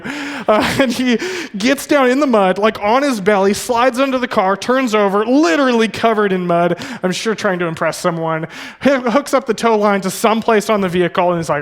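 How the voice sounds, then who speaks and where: A young male pastor with a notably high voice preaches in a church. He tells his story conversationally, full of fillers and quick self-corrections. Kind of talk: sermon with personal storytelling.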